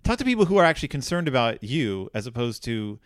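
Middle-aged male co-host, chatty and rambling, lively up-and-down delivery, dry close sound. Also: medium pitch, fast talker, dry recording. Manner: animated, rambling with many restarts. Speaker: podcast co-host. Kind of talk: casual chat.

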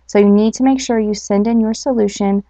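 Speaking briskly in a dark, steady mid-range voice, a woman hosts a casual podcast and reads a story aloud. She's chatty, quick to laugh, and full of fillers, captured in a dry, dull lo-fi home recording.

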